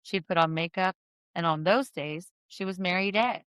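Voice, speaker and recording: Woman podcast host, slightly low voice, dry close sound, casual rambling true-crime storytelling. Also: normal speed, fairly bright tone, smooth, no echo. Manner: chatty, filler-heavy, self-correcting storyteller. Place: in-person podcast studio.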